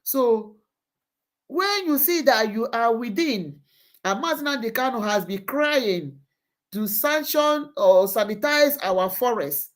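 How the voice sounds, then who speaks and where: A woman's voice: fairly high pitch, expressive, takes it slowly. A woman hosting a live online show, giving impassioned commentary and repeating phrases for emphasis.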